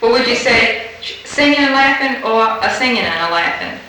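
A woman's voice: a little high, lively intonation, moderate pace, bright, forceful tone, recorded from a distance. A woman fieldworker running a structured interview, patiently prompting with fill-in-the-blank questions. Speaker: dialect fieldworker. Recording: very echoey room, faint hiss, off-mic.

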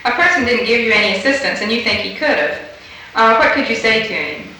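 A woman's voice: fairly high pitch, lively intonation, fast talker, sharp tone, distant mic. A woman fieldworker running a structured interview, patiently prompting with fill-in-the-blank questions. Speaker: dialect fieldworker. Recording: very echoey room, faint hiss, off-mic.

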